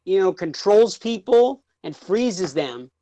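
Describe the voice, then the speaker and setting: A man's voice: sits high, lively intonation, slow, dark tone, dry recording, poor audio. A man in a casual podcast chat, spinning playful, rambling ideas with lots of fillers.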